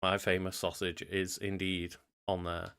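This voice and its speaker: Young male co-host, chatty, polished promo-read cadence, crisp bright voice. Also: low-pitched, monotone, measured pace. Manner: chatty, reads promo plugs in a customer-service cadence. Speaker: podcast co-host. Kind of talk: casual podcast chat.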